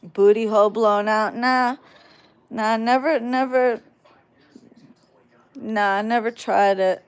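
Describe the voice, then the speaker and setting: Brash, slow-drawling woman livestreamer. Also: fairly high pitch, fairly even intonation, smooth. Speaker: livestreamer reading chat. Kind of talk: casual livestream chat.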